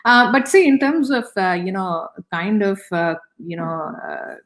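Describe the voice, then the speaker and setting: A woman's voice: medium pitch, animated, a little slow, a bit bright. A middle-aged woman with an Indian accent, speaking as an interview guest in a reflective, conversational way with many fillers and restarts.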